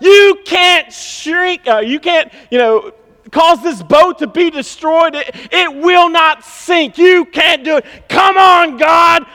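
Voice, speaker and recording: A man voicing a bitter, legless male soldier who shouts defiantly at God in a storm. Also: extremely high pitch, takes it slowly, pitched above the performer's own voice, heavily acted. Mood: shouting defiant. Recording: long hall reverb.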